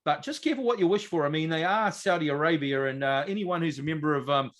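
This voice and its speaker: A man co-hosting a sports podcast in casual, jokey chat, animated and rambling with fillers. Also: a little high, fast. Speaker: podcast co-host.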